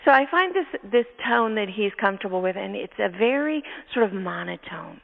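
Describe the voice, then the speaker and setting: A woman host telling a story from her work in a lively, animated way, now and then laughing and acting out her own thoughts. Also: medium pitch, normal speed, gravelly. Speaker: neurotherapist and podcast host. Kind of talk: storytelling in casual chat. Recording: tinny phone-line sound with long reverb.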